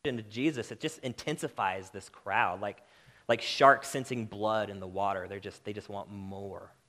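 A man preaching a sermon, impassioned and direct, building to loud emphatic peaks and then dropping to quiet, earnest lines. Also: fairly low pitch, moderate pace.

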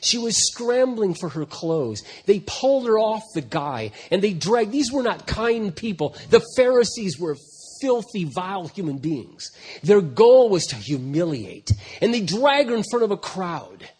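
A man in his fifties delivers a sermon with a raspy, high-set voice. His pitch leaps around constantly as he moves between casual asides and forceful, emphatic preaching. He often restarts his sentences mid-thought. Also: big pitch swings, a little slow. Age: 50s. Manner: swings from quiet asides to loud emphatic preaching; conversational, with repeated restarts. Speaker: pastor.

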